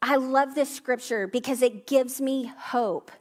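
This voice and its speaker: A high-pitched woman preaching. She is middle-aged and talks in a conversational way, weaving family stories and asides into her sermon. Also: fairly even intonation, a little slow, a little mellow. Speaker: pastor.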